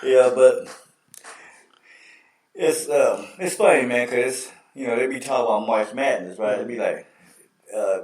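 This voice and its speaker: Guy hosting a sports chat, slangy and animated, sounds far off in an echoey room. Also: mid-range voice, unhurried, long pauses. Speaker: host. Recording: echoey room, distant mic.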